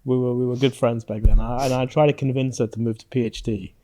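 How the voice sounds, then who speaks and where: A man hosts a relaxed podcast conversation. He keeps firing follow-up questions and teases his guest a little. His voice has an ordinary, mid-range tone. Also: medium pitch, quick pace. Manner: probing, teasing questions. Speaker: podcast host. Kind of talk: casual conversational interview.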